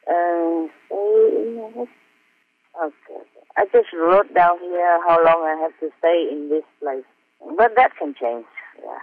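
Man with a tinny phone-line sound. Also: fairly high pitch. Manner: halting, hesitant, with frequent fillers and self-mocking laughs; earnest, heartfelt. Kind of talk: reading aloud from personal diary notes.

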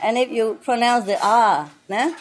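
Woman guide, non-native English, teasing and laughing, high-ish voice, noisy restaurant. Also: unhurried. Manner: playful, laughing often, teasing. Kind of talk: casual joking chat. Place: restaurant dining table.

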